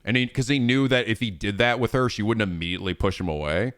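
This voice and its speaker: A young man streaming, chatting in an animated, profane way and laughing often. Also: lowish voice, fast. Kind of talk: casual gaming chat.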